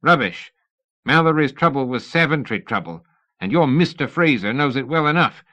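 A man's voice: medium pitch, expressive, moderate pace, pushed and bright, muffled recording, pitched above the performer's own voice. A man reading a swarthy, belligerent male agent who talks bluntly and coarsely.

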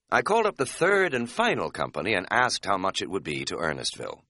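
A man narrating an audiobook in a wry, deadpan way. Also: deep voice, brisk, hardly any pauses, no echo, studio quality.

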